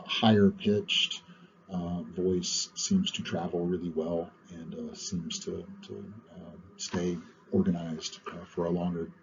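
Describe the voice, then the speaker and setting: A man with a very low voice lectures in an unhurried, conversational way and stops often on "uh". The sound is dull and lo-fi, with a faint hiss underneath. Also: darkish tone. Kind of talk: recorded lecture on public speaking. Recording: muffled lo-fi recording with faint hiss.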